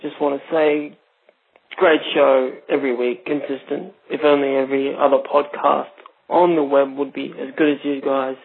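A man's voice: medium pitch, level tone, normal speed, gravelly, husky. A man with an Australian accent leaving a rambling, friendly voicemail for the hosts. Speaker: voicemail caller. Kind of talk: phoned-in voicemail message. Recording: tinny phone line.

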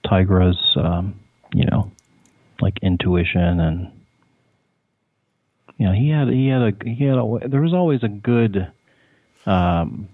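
A man's voice: lowish voice, animated, slow, pauses often, dry recording. A man co-hosting a podcast in casual chat, patiently explaining things and fond of puns. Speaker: podcast co-host. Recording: dry, tinny phone-like line.

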